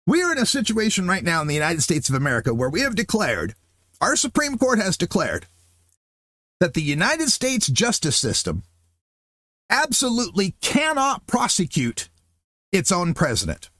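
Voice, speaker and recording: Animated, sarcastic male political ranter. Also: high voice, normal speed, no room sound, clean studio sound. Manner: sarcastic, incredulous, animated ranting. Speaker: political commentary show host.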